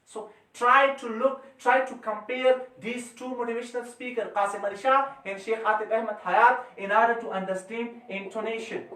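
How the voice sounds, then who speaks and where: A male teacher giving an energetic lecture to his students, emphatic and repetitive, with forceful rises and drops in his voice. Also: very high-pitched, moderate pace, few pauses. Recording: echoey room, mic far off.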